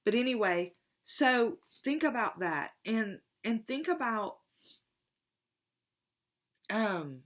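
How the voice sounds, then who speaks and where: A woman's voice: fairly high pitch, sing-song, takes it slowly, pauses often. Heartfelt woman, rambling and emotional. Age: middle-aged. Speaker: tarot reader. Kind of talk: casual spiritual vlog talk.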